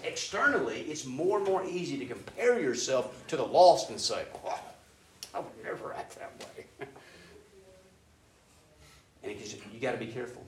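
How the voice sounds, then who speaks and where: A man preaching a sermon in a casual, animated way, acting out prayers in an excited voice. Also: mid-range voice. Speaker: pastor. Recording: echoey room with faint ambient noise.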